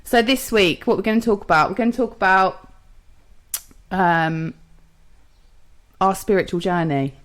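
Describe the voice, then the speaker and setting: A woman's voice: medium pitch, measured pace, long pauses. A young woman co-hosting a podcast in casual, jokey chat, swearing freely and laughing often. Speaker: podcast co-host.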